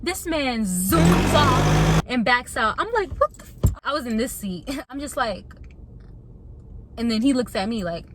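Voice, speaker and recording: A young woman vlogger telling a casual storytime to her viewers, animated and chatty, calling them y'all. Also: fairly high pitch, a little slow, slight background noise.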